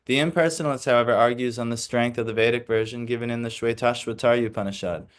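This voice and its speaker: A fast-talking man with a medium-pitched, steady voice leads a scripture class, reading passages aloud and explaining them casually. He reads steadily, then drifts into informal asides full of fillers, and sounds hesitant when reciting Sanskrit.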